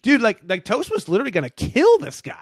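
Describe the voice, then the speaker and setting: A man hosting a podcast, telling animated, profanity-laced stories in casual chat. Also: high voice, quick pace, a crowd in the background. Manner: profane, animated storytelling with frequent fillers. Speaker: podcast host.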